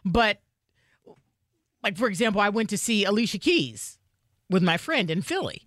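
A woman co-hosting a podcast in casual chat, telling stories in an animated way. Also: moderate pace, no echo, studio quality. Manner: animated storyteller, pitch swings widely. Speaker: podcast co-host.

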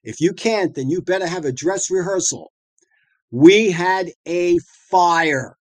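Speaking slowly, a middle-aged dentist and practice owner from the northeastern US shares stories as a guest. His telling is colloquial and lively, crowded with fillers and false starts. The recording is intimate and dry with no reverb, and his voice sits somewhat high for a male.

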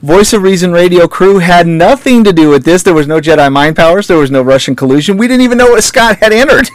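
A man's voice: high voice, moderate pace, dry recording. Laughing, joking man co-hosting a radio show. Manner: laughs often, joking and animated. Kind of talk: casual chat.

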